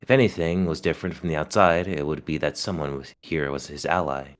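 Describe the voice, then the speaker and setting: Guy reading a visual novel out loud, super low deep voice, steady. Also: fairly quick. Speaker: narrator.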